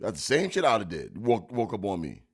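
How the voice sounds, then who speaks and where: A man hosting a podcast, joking and animated. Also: fairly low pitch, fairly quick, gravelly, breathy edge. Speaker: podcast host. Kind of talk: casual podcast chat.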